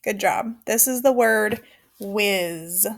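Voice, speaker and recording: In a recorded phonics lesson for young children, a woman teacher with a medium-pitched voice speaks slowly and clearly. She is encouraging and leads counted call-and-response.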